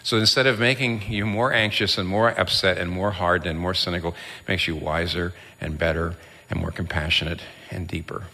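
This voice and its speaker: A man's voice: low-pitched, steady tone, fairly quick, sharp tone. A male pastor preaching an earnest sermon that builds to emphatic peaks. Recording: long hall reverb.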